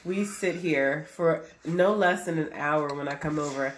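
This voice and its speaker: A pregnant woman in her thirties co-hosting a casual chat, animated and quick to laugh, with an occasional cough. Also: low-pitched. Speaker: podcast co-host. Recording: roomy, faint background noise.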